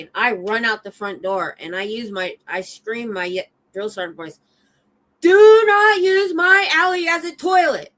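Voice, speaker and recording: A middle-aged woman, a security guard hosting a casual livestream chat, telling animated stories from her work. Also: medium pitch, poor audio. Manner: animated storyteller, acts out her own shouts.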